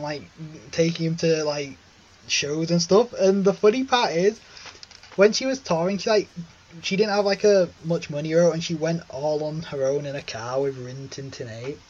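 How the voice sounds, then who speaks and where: A man's voice: on the high side, moderate pace, darkish tone, muffled recording, a little hiss or hum. A man co-hosting a casual podcast chat, telling rambling stories and laughing often. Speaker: podcast co-host.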